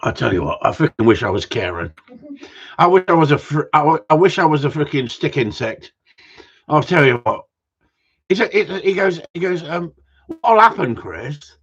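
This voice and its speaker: A middle-aged man rambles through a casual live stream, blunt and full of swearing and self-mockery. His husky voice swings up and down in pitch. The audio is dull and lo-fi. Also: big pitch swings, normal speed. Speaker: dog trainer livestreaming.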